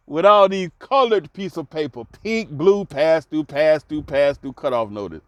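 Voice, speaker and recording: A man's voice: animated, unhurried, few pauses, dry recording. Laughing man telling a story. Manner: laughs often while telling, drops to soft low tones; conversational, repeats words for emphasis. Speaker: host. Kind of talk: casual storytelling monologue.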